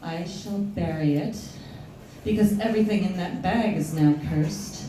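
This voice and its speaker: A woman's voice: fairly low pitch, measured pace, warm tone, a little hiss or hum, voice pushed down, close to an everyday voice. A woman putting on a solemn, shady fortune-teller. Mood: ominous. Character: shady female fortune-teller, ominous and commanding. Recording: echoey hall, distant mic, audience.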